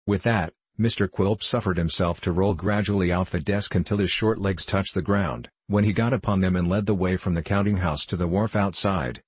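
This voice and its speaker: A man narrating a classic novel as an audiobook in a measured storytelling delivery. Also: deep voice, darkish tone, breathy edge, dry recording. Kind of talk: scripted narration.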